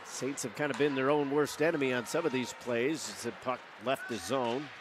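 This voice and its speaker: A man calling live hockey play-by-play as the game's announcer, brisk and rising to shouts on big plays. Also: mid-range voice, steady tone, background noise. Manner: brisk, running call of the action that climbs to shouts.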